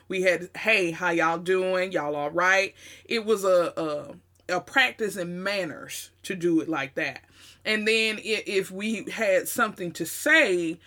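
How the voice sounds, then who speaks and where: A woman's voice: lowish voice, a bit bright. A woman with a Southern US accent telling a personal story in a conversational way, with emphatic asides. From Southern United States.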